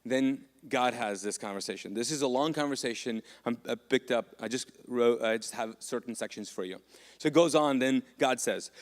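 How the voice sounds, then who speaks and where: A man's voice: medium pitch, moderate pace, big-room sound. A man preaching a sermon as a pastor, casual and joking with lots of asides. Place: church auditorium.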